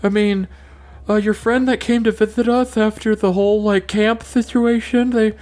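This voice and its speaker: A friendly, nervous little kobold fellow from a tabletop game, voiced by a woman game master. He rambles on with lots of hesitations, in a plain mid-pitched voice. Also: fairly even intonation, moderate pace, darkish tone, lightly acted. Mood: chatty.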